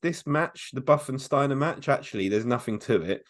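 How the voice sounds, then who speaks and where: A man's voice: mid-range voice, lively intonation, moderate pace, no room sound, studio quality. A man co-hosting a podcast in casual chat, often laughing as he recounts things. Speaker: podcast co-host.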